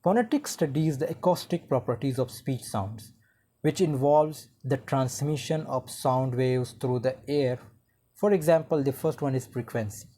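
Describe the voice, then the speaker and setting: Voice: medium pitch, moderate pace, dark tone. A teacher giving an explanatory online lecture, going step by step and often restarting mid-sentence with "uh, like".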